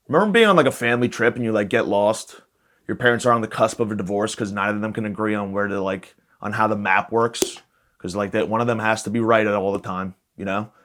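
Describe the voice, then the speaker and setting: A man's voice: lowish voice, fairly bright tone. Young man rambling through a comic monologue. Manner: rambling, profane, self-mocking. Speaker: podcast host. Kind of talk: comedic solo podcast monologue.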